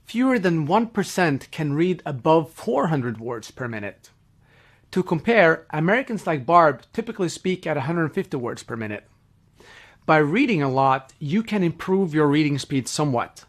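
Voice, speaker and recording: A man's voice: on the high side, big pitch swings, normal speed. Man narrating a learning explainer. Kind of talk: scripted educational narration.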